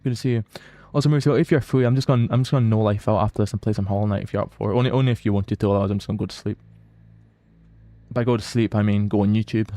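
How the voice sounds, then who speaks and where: A Scottish livestreamer chats casually with viewers during a game, reading their comments aloud and often restarting sentences. He talks very fast in a low, mellow, steady voice, and the recording is dry.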